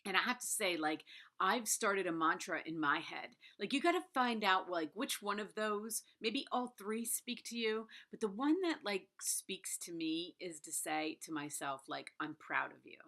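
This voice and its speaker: A woman's voice: mid-range voice, expressive, a little slow, sharp tone. A woman in her fifties talking candidly and casually to her viewers about a book, with lots of "like" and "right?". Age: 50s. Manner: candid and chatty, many "like"s and "right?". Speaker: book review vlogger. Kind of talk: casual chat.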